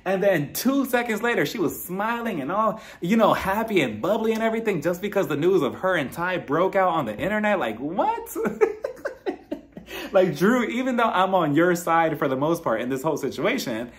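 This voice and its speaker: Male reality-TV recapper, casual, lively and fairly high-pitched. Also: moderate pace. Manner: animated storytelling, acts out quotes. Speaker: TV show reviewer.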